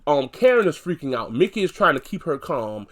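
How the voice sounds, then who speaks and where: A man casually recapping a TV episode, chatty and full of fillers, growing animated as he retells scenes. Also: fairly high pitch, fairly quick.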